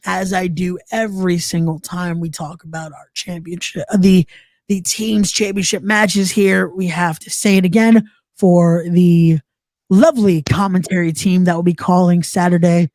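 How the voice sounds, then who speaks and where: A man's voice: high voice, darkish tone, no room sound. Man hosting a wrestling podcast, repetitive. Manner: repeats words, playful trash talk. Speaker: podcast host. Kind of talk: casual wrestling podcast chat.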